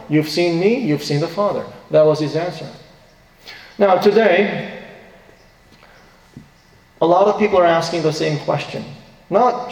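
A man's voice: a little high, moderate pace, darkish tone. A male pastor preaching a sermon in a church, earnest, his voice rising when he quotes scripture. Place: church sanctuary. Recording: echoey hall, distant reverb.

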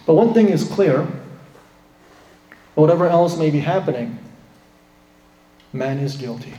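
A man's voice: animated, measured pace, pauses often, mellow. A man preaching a sermon, emphatic, acting out the quoted lines in a raised voice. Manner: emphatic preaching, acts out quotes with rising pitch. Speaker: pastor. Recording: roomy hall with long reverb.

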